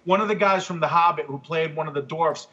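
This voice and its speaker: Bright, husky-voiced man telling stories. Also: fairly high pitch, fast talker, muffled recording. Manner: animated, profane storytelling. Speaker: podcast guest, comic artist. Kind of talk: casual podcast chat.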